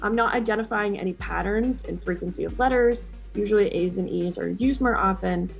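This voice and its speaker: A woman's voice: medium pitch, a little fast, vocal fry, lo-fi sound. A woman speaks in a reality show confessional. She sounds anxious and hard on herself. Faint music runs underneath. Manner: anxious, self-critical. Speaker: reality competition contestant. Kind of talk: confessional interview.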